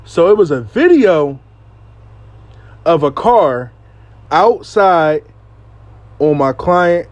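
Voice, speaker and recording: A man telling a casual storytime monologue, animated and profane, acting out what people said. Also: fairly high pitch, extremely slow, pauses often, dry recording.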